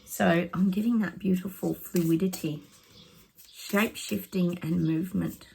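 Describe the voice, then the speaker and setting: A woman talking casually to viewers as a psychic vlogger. She chats excitably while pulling oracle cards and often calls her audience "guys". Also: on the low side, a little slow, gravelly, a little hiss or hum. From Australia. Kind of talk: casual oracle card reading to camera.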